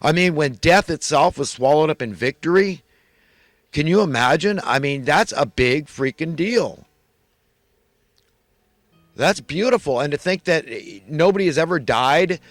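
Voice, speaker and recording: A man from the United States giving an impassioned monologue, moving from loud urgent preaching to quiet, earnest confession. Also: on the high side, no echo. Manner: religious, ranting about elites. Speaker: channel host.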